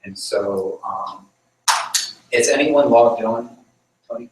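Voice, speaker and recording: A man's voice: mid-range voice, slow. A man leading a small church group in an informal sermon, talking loosely with many ums as he tells a story. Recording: echoey room, mic far off.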